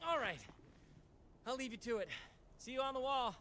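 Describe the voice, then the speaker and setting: An actor playing an eager, excitable young male climber in a video game who is a starstruck fan. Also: extremely high pitch, moderate pace, slight background noise. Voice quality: bubbly and excitable.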